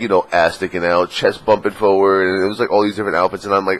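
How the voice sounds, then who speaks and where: A man with a very low voice chats through a casual vlog rant. He rambles with plenty of fillers and crude jokes, and he sounds a bit sniffly. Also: level tone, quick pace. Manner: crude, joking, full of fillers, slips into mocking put-on voices. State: sniffly, just woke up. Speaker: vlogger.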